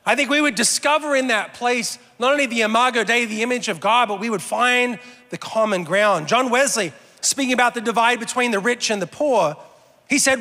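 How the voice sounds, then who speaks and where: A man delivers a sermon from the pulpit in a notably high, bright voice. He keeps it conversational, often turning the humor on himself. The sound carries a long reverb from a large church auditorium. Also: a little fast. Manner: conversational, self-deprecating humor. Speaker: pastor.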